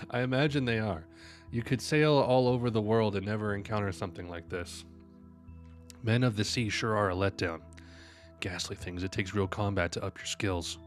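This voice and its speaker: A man's voice: lowish voice, fairly even intonation, faint music behind. A man streaming live, reading manga panels aloud and reacting between lines, sleepy and yawning. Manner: reads every character's lines aloud between quick reactions.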